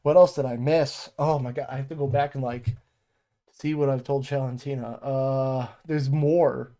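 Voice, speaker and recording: A man's voice: mid-range voice, fairly even intonation, normal speed, mellow. A man co-hosting a podcast from home, telling rambling, profane stories about his workday and often losing his train of thought. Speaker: podcast co-host. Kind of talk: casual storytelling chat.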